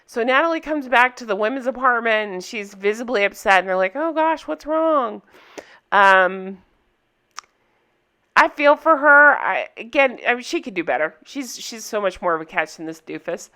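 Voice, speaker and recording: A chatty young woman talks straight to her viewers, recapping a show in an easy, candid way and laughing often. Her voice sits a little high and sounds bright and forceful. The tone stays smooth and crisp throughout. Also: lively intonation, normal speed. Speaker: reality TV recap vlogger. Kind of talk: casual recap chat to viewers.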